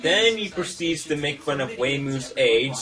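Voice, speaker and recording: A man hosting a rebuttal video, asking calm, reasonable questions. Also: medium pitch, unhurried, crowd noise. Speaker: response video host. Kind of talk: rebuttal commentary.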